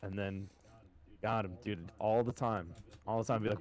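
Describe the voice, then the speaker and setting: Low-pitched male podcast host, relaxed profane storyteller. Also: normal speed. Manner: swears a lot, storytelling, calls listeners boys. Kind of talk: casual chat.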